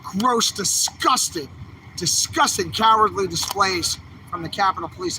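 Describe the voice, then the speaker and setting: With a high, pushed, bright voice at a measured pace, a man livestreams an angry, agitated rant from a city street, urging his viewers as an activist vlogger. A slight hiss or hum marks the low-quality recording.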